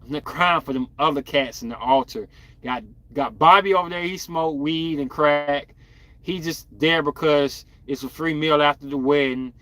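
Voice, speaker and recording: A man hosting a podcast, chatting casually and bluntly in slang with animated outbursts as he reacts to viewer comments. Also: fairly high pitch, moderate pace, no echo. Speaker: podcast host.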